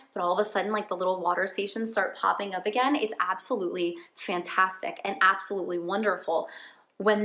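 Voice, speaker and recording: A woman's voice: medium pitch, bright, forceful tone. Earnest woman vlogging in a roomy home. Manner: earnest, heartfelt, openly emotional. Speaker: faith vlogger. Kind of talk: casual personal vlog talk.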